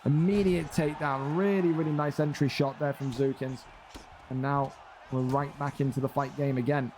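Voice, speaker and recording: A young man doing play-by-play commentary on a fight game, excitable and climbing high and loud on big moments. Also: moderate pace, slight background noise.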